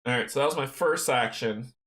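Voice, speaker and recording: A man talks his way through a solo board game, reading out the game text and chuckling to himself. His voice sits at an average pitch. The room around him gives it a noticeable echo. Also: a little fast, a bit bright. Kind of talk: playthrough narration, reading game text aloud. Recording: roomy echo.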